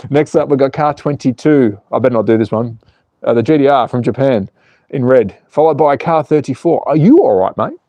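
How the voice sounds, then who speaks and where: A man's voice: mid-range voice, brisk, dark tone, no room sound. A man hosting a live stream, joking with viewers and calling a toy car race in a chatty, jokey way. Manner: jokey, chatty, reads viewer comments aloud. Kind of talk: live race commentary and chat.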